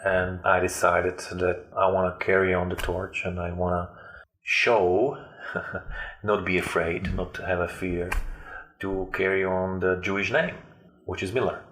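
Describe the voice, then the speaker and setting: Deep, flat-voiced man telling his story. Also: roomy sound, a little hiss or hum. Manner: halting, with frequent fillers and restarts. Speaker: interview guest. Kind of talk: personal storytelling.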